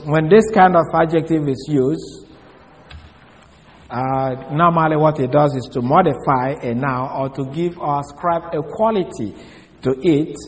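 A man with a slightly raised voice teaches a Bible lesson, deliberate and methodical, stopping to spell out words letter by letter. His voice rings with a long reverb, as in a large hall. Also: fairly high pitch. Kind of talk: Bible study lecture.

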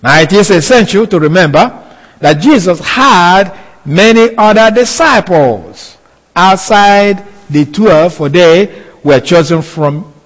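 Man preaching, slow and measured, fairly high voice, long hall reverb, repeats phrases for emphasis. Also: expressive. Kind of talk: expository sermon.

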